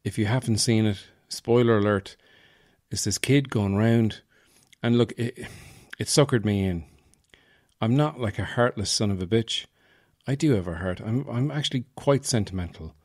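An Irish podcast host from Offaly tells stories in a rambling, wry, self-mocking comic monologue. He has a lowish, darkish voice at a moderate pace, recorded in clean studio sound with no echo.

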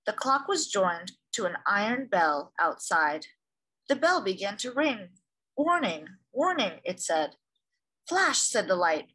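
A woman hosting storytime, reading a picture book aloud to children in an expressive, gentle way. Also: mid-range voice. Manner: gentle, expressive reading with lively voices for sounds.

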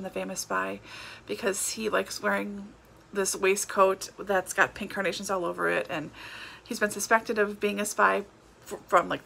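A woman's voice: medium pitch, vocal fry, bright, forceful tone, a little hiss or hum. A woman chatting casually about books for her vlog, laughing often and correcting herself as she goes. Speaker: book vlogger. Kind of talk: casual book tag chat.

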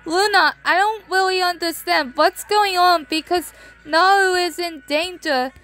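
A woman's voice: very high-pitched, measured pace, pitched above the performer's own voice, full character voice. Usagi, a woman doing a whiny teen girl. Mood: excited, startled. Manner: whiny and excitable, prone to cries. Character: Usagi, whiny teenage girl heroine, easily scared.

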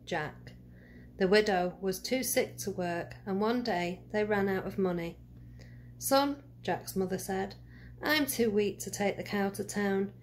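A woman reading a fairy tale aloud to children, gentle and speaking to them directly. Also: medium pitch, slight background noise. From United Kingdom. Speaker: storyteller for children. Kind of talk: read-aloud storytelling.

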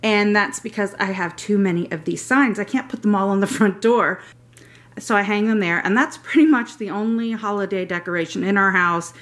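Going through her shopping haul on camera, this middle-aged vlogger raves about every item and drifts into rambling side comments. Her voice is medium-pitched and a bit bright, at a moderate pace.

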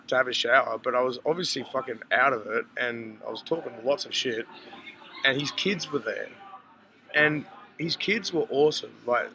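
A man hosting a podcast, telling a story in casual chat, animated and swearing, acting out what people said. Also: mid-range voice, rough recording. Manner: animated, acts out quotes, frequent swearing. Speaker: podcast host. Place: busy hostel bar. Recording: loud crowd chatter behind.

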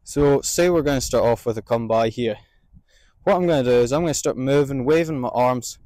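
A man training a sheepdog outdoors, explaining each step and calling out drawn-out commands to his dog between explanations. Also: mid-range voice, darkish tone, no room sound. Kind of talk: outdoor instructional demonstration.

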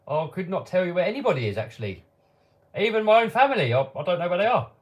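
Male host, slightly higher voice, laid-back live chat Q&A, reads questions then answers offhand. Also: sing-song, quick pace, dull audio. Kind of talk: casual live-stream Q&A. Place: home workshop.

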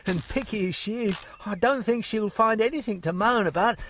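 A man's voice: high voice, moderate pace, slight background noise. A man voicing a clumsy, cheerful male apple farmer in a cartoon who laughs a lot and stammers when flustered. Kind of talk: cartoon voice acting. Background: loud background music.

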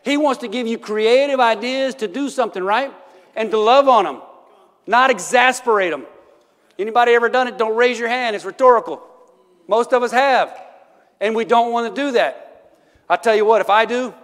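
A middle-aged man preaches in a church, his fairly high voice ringing with a long hall reverb. He tells homely stories and often stops to ask his listeners "right?", laughing along as he talks. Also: moderate pace, fairly bright tone. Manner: folksy storytelling, laughs often, asks "right?". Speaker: pastor. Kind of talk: sermon. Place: church sanctuary.

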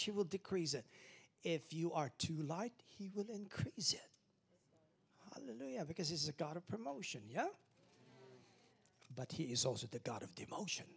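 A man's voice: a little high, breathy edge. A man preaching a sermon as pastor, emphatic and calling on the congregation to repeat after him. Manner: emphatic preaching with call-and-response.

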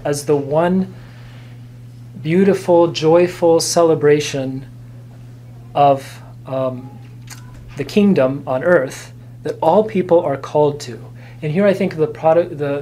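A man, a priest teaching a catechism class, explaining gently and earnestly with fillers and restarts. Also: on the high side, a little hiss or hum, rough recording. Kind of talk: catechism lecture. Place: church classroom.

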